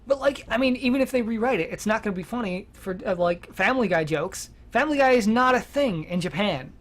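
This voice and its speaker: A podcast co-host with a mid-range voice, chatting casually about video games. The delivery is animated and loose, with swearing dropped in freely. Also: medium pitch, fairly quick. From United States. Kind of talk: casual gaming chat.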